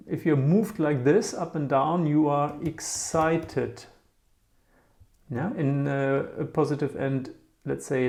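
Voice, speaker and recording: A German teacher with a medium-pitched, darkish voice explains vocabulary in a casual, musing lesson. He often checks in with "yeah?" and repeats words aloud.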